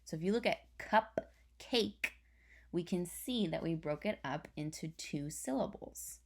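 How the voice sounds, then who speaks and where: A woman's voice: lowish voice, expressive, unhurried, a little mellow. A young woman teacher patiently explaining a spelling lesson step by step to her class. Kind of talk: recorded online spelling lesson.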